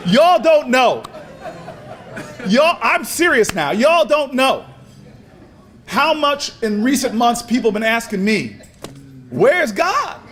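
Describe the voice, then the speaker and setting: A man giving an impassioned, preacher-style speech at a convention, telling stories with repeated words and building to shouts. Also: very high voice, expressive, slow, long pauses. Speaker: speaker at a convention. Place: large convention hall.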